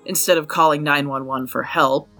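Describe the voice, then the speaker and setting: A man's voice: a little high, steady tone, normal speed, pushed and bright, soft background music. A man hosting a true crime podcast, reading a scripted case with blunt, profane anger. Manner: blunt and profane, openly angry.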